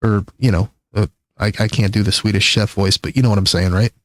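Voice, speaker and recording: A man streaming live, ranting in rambling, profane commentary. He jumps from high outbursts to low mutters. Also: steady tone, fairly quick, no echo, studio quality. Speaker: livestreamer.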